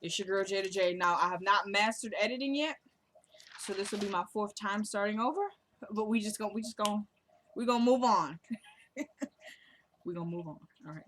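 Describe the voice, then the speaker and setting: A woman's voice: mid-range voice, fairly quick, pauses often, fairly bright tone, a little hiss or hum. A woman vlogger chatting casually to her viewers as she recaps a TV drama episode, often laughing. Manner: talkative, laughs often, addresses viewers as y'all.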